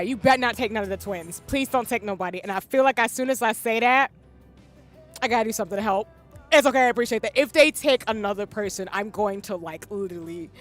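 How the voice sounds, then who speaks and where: Tearful, high bright-voiced woman streamer. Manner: emotional, tearful, goofy. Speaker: game streamer. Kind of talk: live gameplay commentary.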